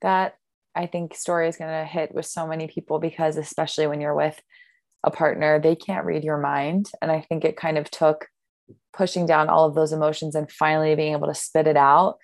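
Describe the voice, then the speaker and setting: Low, flat, gravelly woman host; supportive, dry close sound. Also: a little fast, dry recording. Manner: supportive listener, frequent brief affirmations. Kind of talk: casual chat.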